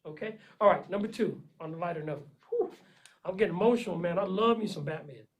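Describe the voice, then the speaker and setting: A man delivering an emphatic, repetitive motivational monologue, swinging between loud urging and low, intense asides. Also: fast, rough recording. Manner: preachy, earnest pep talk with frequent "man" and "okay". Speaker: vlogger giving life advice.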